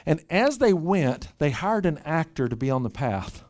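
A man preaching a sermon at a church retreat, animated and often repeating his first words as he starts a thought. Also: on the high side, normal speed. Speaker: pastor.

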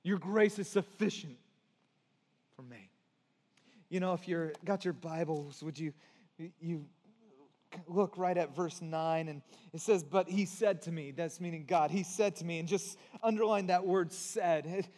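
Earnest high-voiced male pastor preaching. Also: steady tone, measured pace, big-room sound. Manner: earnest, swings from hushed to emphatic. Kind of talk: sermon.

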